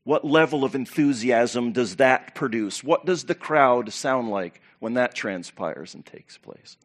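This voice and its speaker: A pastor preaching to his church, animated and preacherly, with loud bursts and quiet asides. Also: mid-range voice, measured pace. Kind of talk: sermon.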